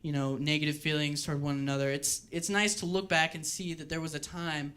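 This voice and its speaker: Young male stand-up, bright tense voice, lively storyteller on a club mic. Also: fairly high pitch, brisk, smooth. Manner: animated storytelling, mimics quoted voices. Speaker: stand-up comedian. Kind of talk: stand-up comedy set. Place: comedy club stage with live audience.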